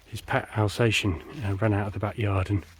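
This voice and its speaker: A middle-aged man tells long shaggy-dog jokes. His voice is low and deep, and he rambles. Faint noise sits under his voice. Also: level tone, a little fast. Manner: rambling, with many fillers and restarts. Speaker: joke teller. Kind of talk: shaggy-dog joke telling.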